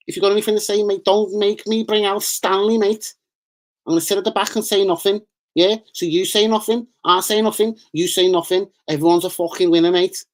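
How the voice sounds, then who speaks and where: Put-on Scouse hard man, done by a male streamer: high, strained, threatening, sweary. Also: natural voice. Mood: menacing. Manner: threatening, ranting, heavy swearing. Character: menacing Liverpool hard man, adult male, hot-tempered.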